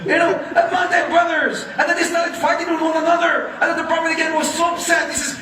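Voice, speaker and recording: A man preaching a storytelling sermon, lively and acting out quoted speech, laughing often and dropping in Arabic phrases. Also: very high-pitched, quick pace, hardly any pauses, crowd noise. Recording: very echoey hall, distant mic.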